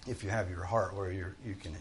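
Emphatic, slightly low-voiced male Bible teacher. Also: steady tone, a little fast, slight background noise. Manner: conversational, emphatic, with frequent restarts. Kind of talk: informal Bible study teaching.

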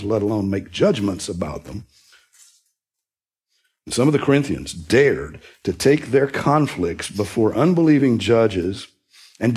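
A man preaching a sermon, teaching earnestly and rising sharply in pitch to stress key words. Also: a little mellow, slightly rough. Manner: earnest, emphatic teaching with sudden rises in pitch for emphasis. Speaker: pastor.

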